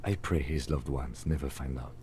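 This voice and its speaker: An actor voicing a reserved police officer in a game, calm, dry and precise. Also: male voice, extremely low pitch, normal speed, slight background noise. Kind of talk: game dialogue.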